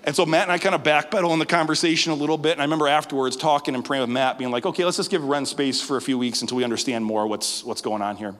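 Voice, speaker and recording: Male guest preacher, mid-pitched, lively storyteller who stumbles and repeats words, long church reverb. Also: very fast, few pauses. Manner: animated, stammers with repeated words. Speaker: guest pastor. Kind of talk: storytelling sermon.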